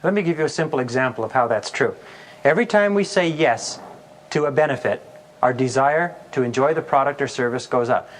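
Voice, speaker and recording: A man's voice: mid-range voice, a little fast, a little hiss or hum. A man giving a sales seminar, telling stories and acting out the customer's answers with amusement. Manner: storytelling, acts out customer voices. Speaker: sales trainer. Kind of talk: recorded sales seminar talk.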